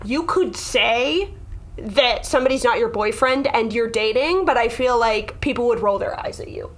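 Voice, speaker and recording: A woman comedian chats on a podcast, her voice sitting a little high. She tells rambling, self-deprecating stories in a relaxed, casual way. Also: normal speed. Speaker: guest comedian.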